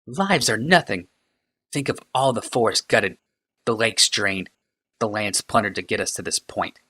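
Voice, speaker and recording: A man reading a novel aloud, voicing a sharp-tongued, uneasy woman who is quick to snap. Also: fairly low pitch, pitched above the performer's own voice. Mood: scornful.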